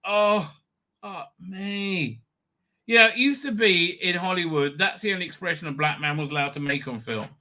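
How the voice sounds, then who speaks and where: A man's voice: sits high, moderate pace, bright, forceful tone. A man hosting a live stream, swearing and jeering through sarcastic commentary. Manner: crude, mocking, swears a lot, breaks into jeering voices. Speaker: livestream host.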